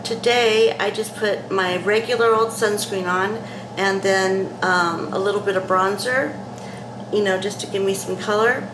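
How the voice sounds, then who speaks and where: A woman talking casually to camera in a vlog, halting, with many fillers and restarts. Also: medium pitch, fairly even intonation. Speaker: vlogger. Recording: echoey room with faint noise.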